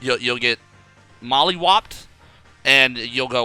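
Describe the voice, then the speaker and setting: Fired-up young man coaching, bright voice. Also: medium pitch, normal speed, clean tone, soft background music. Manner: animated, fired-up, acts out his own thoughts. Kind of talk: casual coaching talk.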